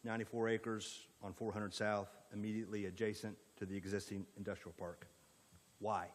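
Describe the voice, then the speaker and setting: A man's voice: lowish voice, little pitch movement, brisk, long reverb tail. A man with an Indiana accent presenting a rezoning proposal at a county planning meeting, in an orderly way with frequent fillers. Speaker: economic development presenter.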